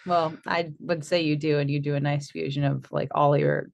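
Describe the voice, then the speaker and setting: A woman's voice: low-pitched, little pitch movement, normal speed, vocal fry, a little mellow. A woman hosting a radio interview, chatty and leaning on fillers. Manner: chatty, leans on "you know" and "like". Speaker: radio show host. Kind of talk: interview host.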